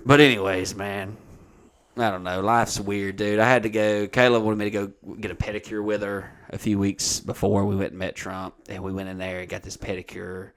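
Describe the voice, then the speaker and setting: A man's voice: lowish voice, fairly quick. Profane Alabama man telling stories. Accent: Alabama Southern US. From Oxford, Alabama. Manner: profane, rambling, animated retelling of conversations. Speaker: podcast host and comedian. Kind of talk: casual comedic storytelling.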